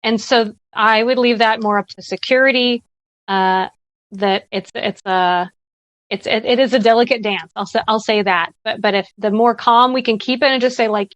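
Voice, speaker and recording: A woman's voice: fairly high pitch, fairly even intonation, moderate pace, fairly bright tone, no room sound. Earnest woman giving advice on a video call. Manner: earnest, conversational, frequent "like" and "right?". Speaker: workshop presenter. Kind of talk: virtual summit Q&A, advice.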